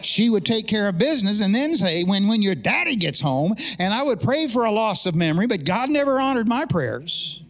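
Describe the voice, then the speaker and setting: A middle-aged man, a pastor, praying and then preaching an animated sermon with humorous asides to his congregation in a church. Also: sits high, fairly quick, few pauses. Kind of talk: sermon with opening prayer. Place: church sanctuary during a service.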